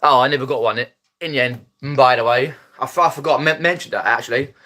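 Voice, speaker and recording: A quick-paced man from Epsom, Surrey, with a South East English Mockney accent chats off the cuff to live stream viewers via his phone. His voice is mid-pitched, bright and forward-edged, and he drops his aitches. He rambles and stumbles, restarting often with many ums, and laughs frequently.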